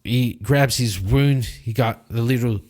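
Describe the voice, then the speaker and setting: A man narrating his solo tabletop role-playing game, telling the fight with lively sound effects. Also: mid-range voice, measured pace. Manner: animated storytelling with sound effects.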